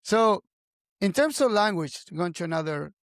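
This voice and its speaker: A man hosts a podcast interview in a high, light voice. He speaks haltingly, with many "um"s, and keeps backing his guest with "right". The sound is dry and close. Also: lively intonation, dry recording. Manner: halting, affirming, lots of "right" and "um". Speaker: podcast host.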